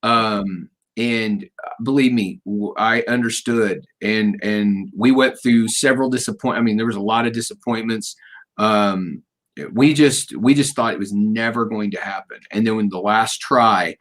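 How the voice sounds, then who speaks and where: A man's voice: lowish voice, steady tone, normal speed, a bit bright. Chatty middle-aged man telling stories. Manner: rambling, storytelling, jokey. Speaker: radio show host. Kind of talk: casual interview chat.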